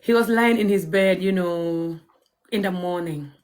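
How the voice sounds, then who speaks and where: A Gambian vlogger with a Gambian accent tells stories to her viewers in a relaxed, chatty way. She is cheeky, frank and outspoken, and she often bursts out laughing. Her voice is lowish, a little slow and somewhat mellow.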